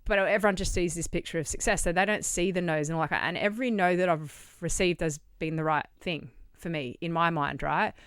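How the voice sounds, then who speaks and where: A woman's voice: on the low side, fairly quick, hardly any pauses, clean tone, no echo, studio quality. An Australian woman talking as a podcast guest, candid and blunt, swearing casually as she tells her story. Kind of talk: candid interview conversation.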